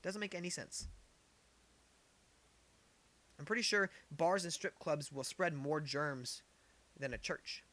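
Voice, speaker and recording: A man's voice: on the high side, moderate pace, pushed and bright. A man giving opinionated political commentary, getting heated, firing off rhetorical questions and repeating his points. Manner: heated, gets worked up.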